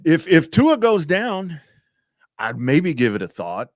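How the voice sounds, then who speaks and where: A man's voice: on the high side, huge pitch swings, slow pace, no echo, studio quality. A male sports talk co-host, chatty and joking, with casual swearing.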